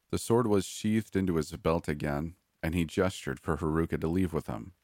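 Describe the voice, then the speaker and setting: A man narrating a first-person horror story in a measured, grim way. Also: sits low, darkish tone, dry recording, studio quality.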